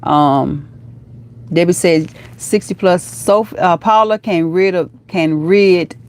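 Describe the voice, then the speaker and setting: A middle-aged woman hosts her live stream in an easy, chatty way, calling her viewers girl and honey. Her voice sits a little low for a woman. She keeps the talk lively and encouraging. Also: slow. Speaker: vlogger hosting a livestream. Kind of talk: casual livestream chat reading comments.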